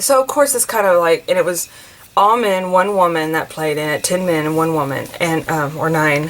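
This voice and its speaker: Chatty, rambling woman with a lowish voice. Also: low-quality recording. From United States. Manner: chatty and rambling, many fillers and restarts. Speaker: craft vlogger. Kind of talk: casual chat while crafting.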